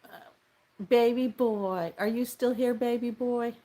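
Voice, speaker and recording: A woman casually chatting with her viewers on a live stream from home, playful and teasing and quick to laugh. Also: fairly high pitch, fairly even intonation, mellow. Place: home room with window open.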